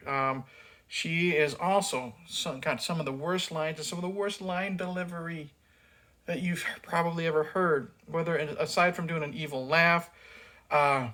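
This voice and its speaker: A man's voice: a little high, sharp tone. A man giving a casual, profane film review rant, blunt and sarcastic, with many fillers as he mocks the acting.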